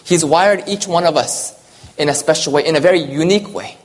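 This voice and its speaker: An earnest preacher giving a personal sermon, moving between urgent, rising lines and hushed, quiet ones. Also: medium pitch, fairly quick.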